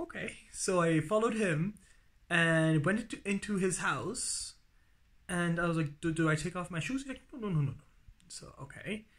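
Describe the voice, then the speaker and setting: A man's voice: fairly high pitch, a bit bright. A young man telling the story of his day in a casual spoken travel diary, rambling with many fillers and restarts and acting out what people said to him. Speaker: traveler recording a daily diary.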